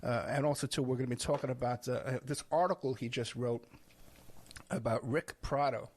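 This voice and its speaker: A man's voice: medium pitch, brisk. A man hosting an interview show who chats in a casual, joking way. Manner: chatty, joking. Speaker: host.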